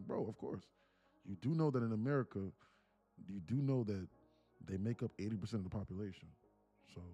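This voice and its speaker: A man's voice: on the low side, dark tone, breathy edge, dry recording. A man hosting a livestream, rambling and joking casually in a loose rant. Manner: rambling, joking, laughs often. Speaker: day trading livestreamer.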